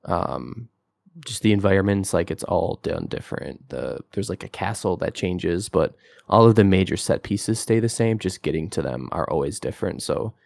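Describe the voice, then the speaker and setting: A man's voice: low-pitched, expressive, normal speed, creaky, darkish tone, no echo, studio quality. A young man co-hosting a podcast, talking through games in a casual, rambling way, full of fillers and enthusiasm. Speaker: podcast co-host. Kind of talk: casual game-review chat.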